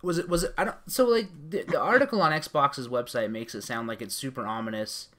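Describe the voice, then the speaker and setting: A man's voice: mid-range voice, brisk, pushed and bright. A man hosting a podcast, rambling through gaming news with lots of fillers and restarts over an internet call. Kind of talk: casual chat.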